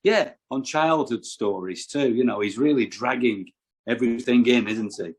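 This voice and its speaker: A man's voice: medium pitch, moderate pace, breathy edge. A man on a podcast as a guest, talking casually and hesitantly, often stumbling and repeating words. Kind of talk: casual chat.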